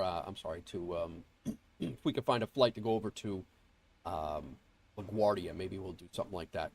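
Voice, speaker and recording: A man streaming a flight sim, chatting casually and greeting viewers, nasal and congested from a cold and rambling with fillers and restarts. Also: low voice. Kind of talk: casual livestream chat. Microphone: earbuds mic.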